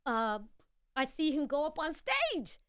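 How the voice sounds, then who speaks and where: Animated woman telling a story. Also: high voice, a little slow, no echo, studio quality. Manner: animated, acts out quoted voices. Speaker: guest. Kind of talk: storytelling in a radio interview.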